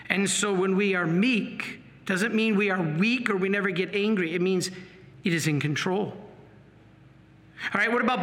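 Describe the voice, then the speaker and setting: Bright-voiced priest preaching in a hall. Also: male voice, high-pitched. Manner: earnest, animated preaching. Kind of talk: sermon. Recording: long hall reverb.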